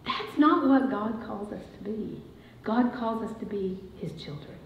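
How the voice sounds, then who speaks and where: With a medium-pitched, gravelly voice and an unhurried delivery, a woman preaches in a church sanctuary, weaving a family story into emphatic declarations. The echoey, dull recording carries a faint hiss or hum.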